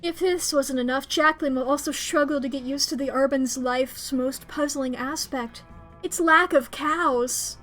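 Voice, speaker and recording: A woman streamer reading a dating game's text aloud, excitable and quick to squeal and gasp between lines. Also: sits high, faint music behind.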